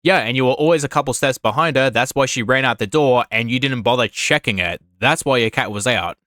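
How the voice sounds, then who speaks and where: Blunt, bright-voiced man doing reaction commentary. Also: medium pitch, a little fast, dry recording, studio quality. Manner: blunt, sarcastic, swears. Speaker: reaction channel host.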